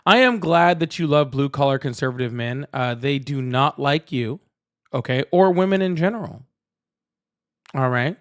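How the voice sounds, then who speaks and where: A man's voice: medium pitch, normal speed. A man hosting a live political debate stream, chatting casually and rambling to his viewers. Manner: rambling, repeats himself, talks straight to chat. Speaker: livestream political debate host. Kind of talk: casual livestream chat.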